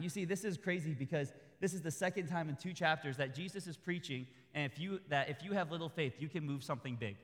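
A man preaching a sermon in a conversational, humorous way that builds to loud, high peaks. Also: quick pace, in a large hall.

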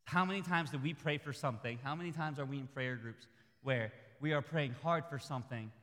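A man preaching a sermon in a conversational, humorous way that builds to loud, high peaks. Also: a little fast, big-room sound.

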